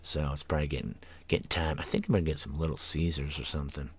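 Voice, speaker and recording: A man's voice: rumbling low, steady tone, fast talker, husky, no echo. A man hosting an internet radio show, rambling tiredly from one tangent to the next with many fillers and yawns. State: tired, yawning. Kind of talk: casual rambling monologue. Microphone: studio microphone.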